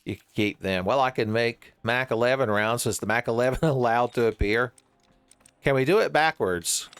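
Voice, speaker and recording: Male let's-player, smooth clear voice, average pitch, rambling deadpan jokes with frequent laughs. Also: moderate pace, no room sound. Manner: wry, rambling, laughs often at his own jokes. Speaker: streamer playing a horror game. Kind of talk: joking gameplay commentary.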